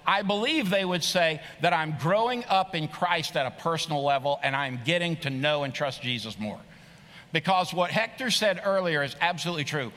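A man's voice: sits high, sharp tone. A middle-aged man preaching a sermon as pastor, earnest and emphatic, often repeating phrases. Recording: long reverb of a large hall.

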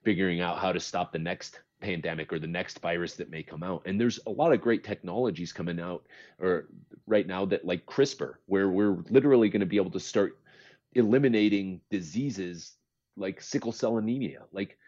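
A man's voice: deep voice, moderate pace, a little mellow, dull audio. A man co-hosting a podcast, talking casually but with impassioned, pleading emphasis. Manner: impassioned, pleading, repeats himself. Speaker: podcast co-host. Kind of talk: casual chat.

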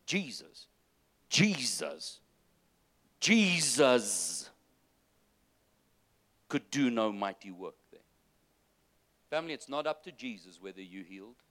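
A man preaching a sermon, moving between loud, urgent exhortation and soft, low-voiced asides to the congregation. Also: lively intonation, normal speed. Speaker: pastor.

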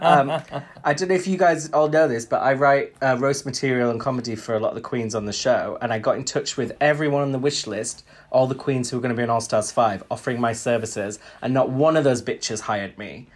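A man co-hosting a podcast, chatting and gossiping cheekily while recapping a TV show. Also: mid-range voice. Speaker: podcast co-host. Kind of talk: casual chat recapping a TV show.

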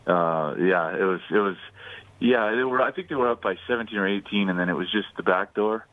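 A man's voice: lowish voice, fairly quick, no room sound. A man co-hosting a sports betting radio show, casual and teasing, laughing easily. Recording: dry phone-line sound.

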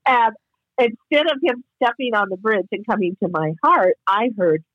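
A woman's voice: mid-range voice, lively intonation, normal speed, husky, no room sound, dull audio. A woman guest telling a reflective personal story in casual podcast talk, heard over a call. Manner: earnest, reflective, spiritual storyteller.

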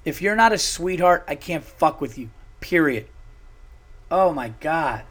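A male podcast host talking on his own, animated and swearing freely as he gets worked up. His voice sits a little high for a man. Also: a little slow. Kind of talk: casual solo podcast storytelling.

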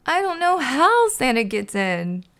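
A woman voicing a big, gentle, innocent bird in an earnest way while reading a children's storybook aloud. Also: medium pitch, moderate pace, gravelly, close to an everyday voice.

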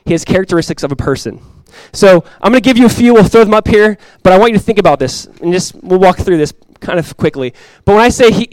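A man in his thirties delivers a sermon in a relaxed, conversational way, tossing in quick asides as he goes. His voice sits a bit higher than most men's, and it comes across dry and close, with no room sound around it. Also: no room sound. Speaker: pastor.

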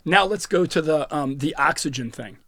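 A man's voice: fairly high pitch, moderate pace, dry recording. A man on a beer talk show, telling brewing stories and ranting with emphasis, often acting out the people he quotes. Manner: animated, emphatic rants and acted-out quotes. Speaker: brewer on a beer podcast. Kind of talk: casual chat, storytelling.

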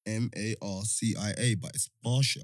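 A man's voice: lowish voice, fairly even intonation, normal speed, no room sound, studio quality. A young man, co-hosting a casual podcast chat with joking, slangy banter. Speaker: podcast co-host.

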